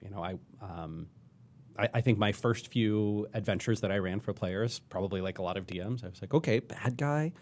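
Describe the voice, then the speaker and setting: A man chatting as a podcast guest in a studio, hesitant, often repeating words and pausing on fillers. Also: low voice, steady tone, a little hiss or hum. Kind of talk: casual chat.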